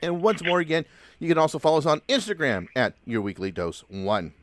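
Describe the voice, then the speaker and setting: A man's voice: fairly high pitch, expressive, a little fast. A man hosting a casual podcast chat, upbeat and chatty, laughing often. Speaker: podcast host.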